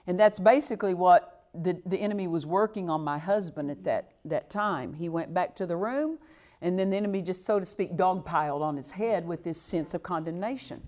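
A woman's voice: fairly low pitch, a little fast, a little mellow. A woman preaching a sermon, earnest and exhortative, repeating phrases for emphasis and now and then breaking into a short laugh. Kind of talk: sermon to a responding congregation.

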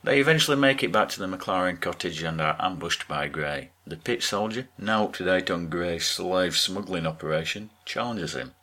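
A man co-hosting a podcast, recapping a TV episode with wry, deadpan asides. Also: low-pitched, moderate pace, hardly any pauses. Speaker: podcast co-host.

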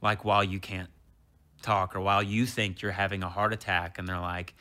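A man in his thirties, a comedian on as a guest, tells a story at normal speed in a low voice during a casual chat. Animated and swearing, he acts out the things people said.

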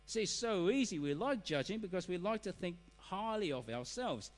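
A middle-aged man delivers a sermon, acting out imagined excuses in quoted voices. His voice sits a touch high and rises and falls widely. The sound carries a long reverb, like a church hall. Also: very animated, normal speed. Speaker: preacher.

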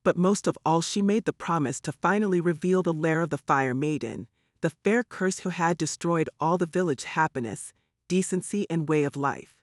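An audiobook narrator reads a novel in scripted narration, with a steady and wry storytelling style. His voice sits fairly high for a man and moves at normal speed, recorded dry and close with no room sound.

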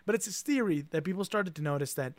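A giggly podcast co-host, a man, rambling through an explanation and often breaking into laughter. His voice sits a little higher than most men's. The sound is dry and close to the mic. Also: expressive, fast, no room sound. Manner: giggly, rambling, restarts sentences. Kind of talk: casual podcast chat.

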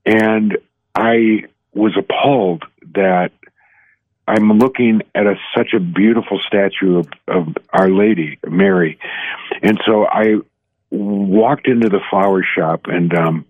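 A man in his sixties, a guest telling a personal story in earnest, halting speech with many restarts, heard over a phone line. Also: lowish voice, no echo. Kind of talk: personal testimony in an interview. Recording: tinny dry phone line.

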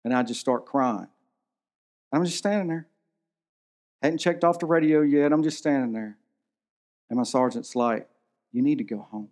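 A man's voice: on the high side, moderate pace, pauses often, a little mellow. A man in his thirties preaching a sermon in a church, telling a personal story in an earnest, emotional way. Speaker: pastor.

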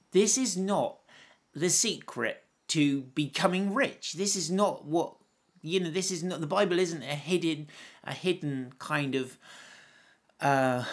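A man gives a relaxed Bible talk, telling stories in a chatty way and laughing now and then. His voice has a gravelly, creaky edge, and it sits at an ordinary middle pitch for a man. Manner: conversational storyteller, laughs often. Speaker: Bible teacher. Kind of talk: informal Bible teaching.

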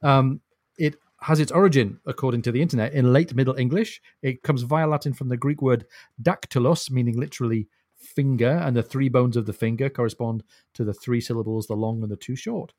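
A man's voice: mid-range voice, a little fast, darkish tone, dry recording, studio quality. A man co-hosting a casual book discussion podcast, thoughtful and explanatory, often chuckling as he talks. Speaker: podcast co-host.

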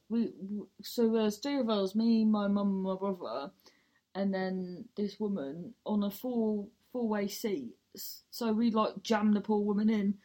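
A woman's voice: mid-range voice, warm tone. A young woman hosting her own podcast, rambling casually and swearing freely as she tells everyday stories. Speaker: podcast host. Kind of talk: casual monologue.

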